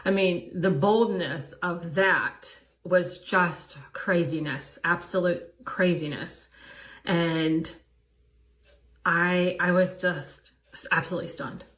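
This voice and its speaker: A woman's voice: fairly low pitch, slow pace, fairly bright tone. A woman in her fifties casually telling a story to the camera, chatty and incredulous. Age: 50s.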